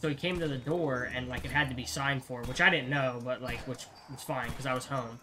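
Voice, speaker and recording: A man's voice: mid-range voice, steady tone, a little fast, pushed and bright, slight background noise. A young man chatting casually while playing a game online, swearing often and rambling through stories. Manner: swears a lot, rambling anecdotes. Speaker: gamer co-playing. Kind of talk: casual gaming chat.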